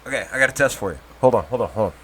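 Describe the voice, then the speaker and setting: A man's voice: fairly low pitch, lively intonation, racing, background noise. A man co-hosting a podcast, joking around in casual chat. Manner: joking, playful.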